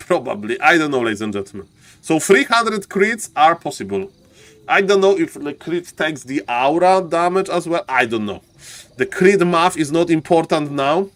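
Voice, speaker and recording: A man casting a live strategy game, excitable and joking, often addressing ladies and gentlemen. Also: on the high side, normal speed. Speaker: esports caster.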